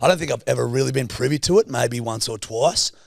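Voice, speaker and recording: A man's voice: medium pitch, quick pace, gravelly, no echo, clean studio sound. A man co-hosting a podcast in casual chat, teasing, swearing freely and laughing often. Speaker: podcast co-host.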